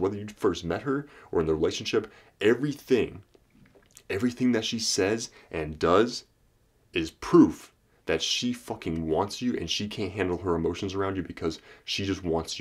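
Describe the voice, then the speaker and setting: A man's voice: low voice, husky. A man talking straight to camera as a dating coach, blunt and profane, slipping into acted lines to make his points. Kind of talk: direct-to-camera advice talk.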